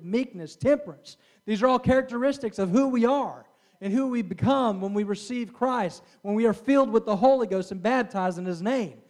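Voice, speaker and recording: A middle-aged man with a high, slightly mellow voice preaches a sermon earnestly. He frequently pauses for an amen and restarts his words.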